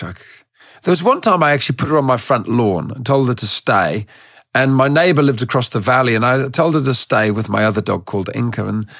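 A man who trains dogs, telling stories in a relaxed, rambling way as a guest in an interview, with a gravelly, husky voice. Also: medium pitch, no echo, clean studio sound. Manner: relaxed, rambling, with many restarts. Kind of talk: casual storytelling in a podcast interview.

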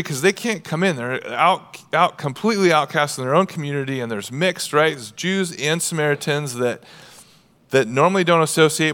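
Animated preaching man in a reverberant hall. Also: fairly high pitch. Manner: animated preaching, swings from hushed to shouting. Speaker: pastor. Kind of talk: sermon. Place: church sanctuary.

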